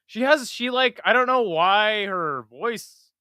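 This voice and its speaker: A man casually hosts a live stream, swearing and joking at his own expense. His voice is bright and lively, with a smooth, clear tone. It sounds close and dry. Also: sits high, slow, no echo. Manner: profane, self-mocking, mutters to himself. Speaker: livestream host.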